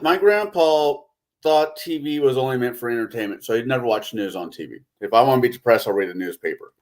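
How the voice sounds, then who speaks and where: Male, average pitch, casual joking, tired edge. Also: quick pace, a little mellow. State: sleep-deprived. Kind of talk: casual chat.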